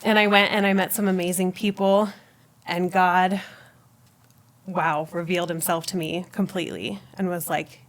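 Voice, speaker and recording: A woman guest on a podcast telling her personal faith story in conversation. She is an animated storyteller who laughs often and acts out what she said at the time. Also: fairly low pitch, moderate pace.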